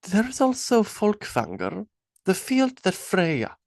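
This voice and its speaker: A man reading an audiobook, voicing a calm Viking woman who speaks softly and gently. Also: sits high, slow, dry recording, clean studio sound, voice pushed up, full character voice.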